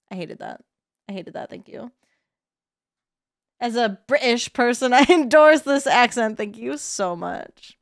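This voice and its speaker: Young woman streamer, high voice, joking and crude, dry close mic. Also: animated, a little slow, vocal fry, long pauses, no room sound. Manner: joking, laughing, crude asides. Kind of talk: casual game commentary.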